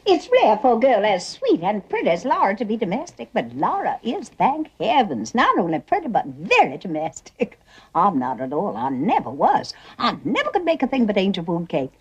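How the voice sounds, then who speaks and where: A woman's voice: mid-range voice, huge pitch swings, moderate pace. An actress playing a faded, chattering Southern belle mother, middle-aged, with a Southern accent and a gushing, theatrical way of talking. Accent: American Southern. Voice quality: gushing, theatrical, breathy laughs. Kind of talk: stage drama acting.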